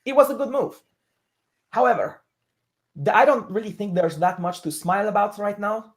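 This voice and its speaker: A woman co-hosting a casual sports talk show, measured and analytical, drawing comparisons to the military. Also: mid-range voice. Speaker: co-host.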